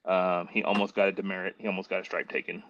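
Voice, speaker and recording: A male guest on a casual chat stream telling animated stories and acting out the voices of other people. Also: deep voice, fast talker, soft background music. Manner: animated, acts out quoted voices. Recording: dull lo-fi with faint hiss.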